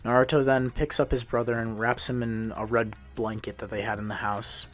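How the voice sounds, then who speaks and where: A man's voice: mid-range voice, level tone, a little fast, fairly bright tone, soft background music. A man casually narrating a fan-made story, retelling it loosely with frequent restarts and self-corrections.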